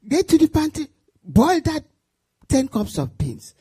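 A woman voicing God as a gentle fatherly male deity, calmly giving her simple instructions. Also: high-pitched, a little slow. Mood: calm reassuring.

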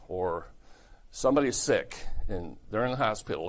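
Gravelly-voiced pastor preaching folksy and blunt. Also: male voice, fairly low pitch, normal speed. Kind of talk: sermon.

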